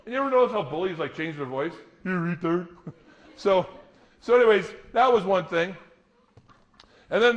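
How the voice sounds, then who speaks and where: A middle-aged man speaks to an audience as a motivational speaker, his voice sitting a little high. He tells stories with animation and laughs along with them. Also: muffled recording. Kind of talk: live talk to an audience.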